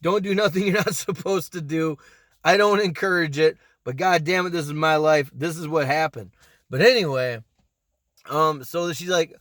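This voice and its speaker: A man in his thirties telling a story in a casual, animated way, swearing freely and acting out what people said. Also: fairly high pitch, moderate pace, no room sound, clean studio sound. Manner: animated, profane, acts out quotes. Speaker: storytime vlogger.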